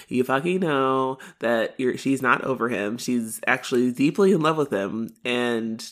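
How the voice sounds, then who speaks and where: A podcast co-host chatting casually and recapping a TV episode, quick and exasperated, swearing freely. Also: medium pitch.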